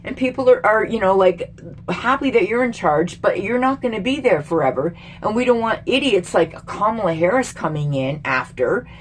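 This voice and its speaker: A woman's voice: mid-range voice, lively intonation, moderate pace. A middle-aged woman from Canada, a vlogger, ranting angrily about politics to camera with lots of swearing and exasperation. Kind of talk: angry political rant to camera.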